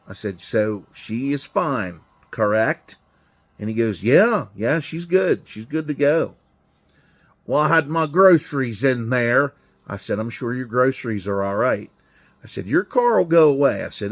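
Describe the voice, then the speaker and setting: A middle-aged man telling a story in a garage, blunt and full of swearing, acting out both sides of a conversation. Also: mid-range voice. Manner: profane, blunt, acts out dialogue. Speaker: truck driver telling a story. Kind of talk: casual storytelling. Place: garage during a car event.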